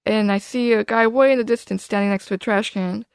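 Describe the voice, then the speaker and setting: A woman guest on a casual podcast, talking at a rapid clip. Her voice has a gravelly, fry-tinged texture and the sound is dry and close. She tumbles through her story with constant "like" and half-started sentences. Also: mid-range voice, dry recording. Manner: rapid, animated, full of "like" and restarts.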